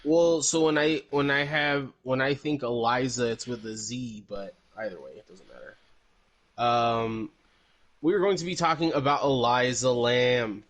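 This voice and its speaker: A man's voice: medium pitch, measured pace, a bit bright. Rambling, jokey male podcast host. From El Paso, Texas. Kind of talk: casual podcast chat.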